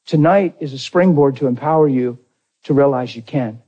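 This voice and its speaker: Husky-voiced man preaching a story. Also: medium pitch, moderate pace, dark tone, dull audio. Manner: conversational, folksy, addresses the congregation directly. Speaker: pastor. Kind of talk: storytelling sermon.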